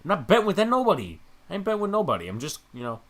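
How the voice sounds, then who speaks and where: A man's voice: high voice, huge pitch swings, rapid-fire, a bit bright. A young man co-hosting a podcast, reacting live to a ballgame, cheering and swearing casually. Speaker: podcast co-host. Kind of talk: live game-watching reaction chat.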